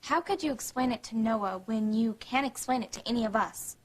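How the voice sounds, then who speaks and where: A woman's voice: a little high, brisk, slightly rough. An actress playing a bitter young mother in a soap opera, defiant and cutting. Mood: cold. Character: bitter young mother shielding her baby. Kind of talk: daytime soap opera acting.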